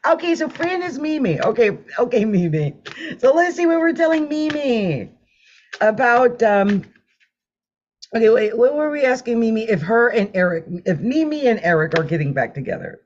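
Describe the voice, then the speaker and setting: Woman tarot reader on a live stream: chatty, laughs a lot, very expressive pitch, muffled audio. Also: normal speed, slight background noise. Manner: chatty, animated, laughs often, hums while drawing cards. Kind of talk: live-stream card reading. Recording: dull lo-fi sound.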